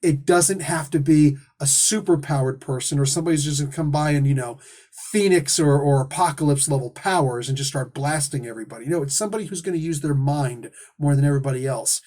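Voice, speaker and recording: A man's voice: a little high, fast, darkish tone. A man hosting a casual comic book review, talking in an enthusiastic, rambling, casually profane way.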